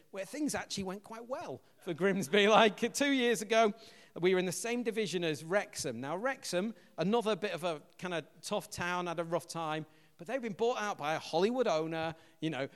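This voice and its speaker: An English man preaching a sermon as pastor, an animated storyteller who acts out quotes loudly. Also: high-pitched, long reverb tail. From England.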